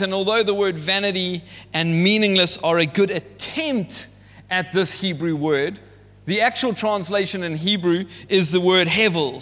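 A man gives a sermon in a high, ringing voice. He talks in a relaxed way, then builds to forceful, emphatic peaks. His words carry a long echo around a large hall. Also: unhurried. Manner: conversational, rises to emphatic peaks. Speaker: pastor.

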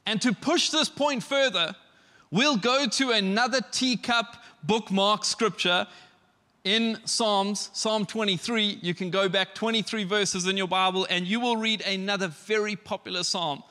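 A man preaching a sermon to his church, earnest, with emphatic pauses and soft shushing. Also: sits high, big-room sound.

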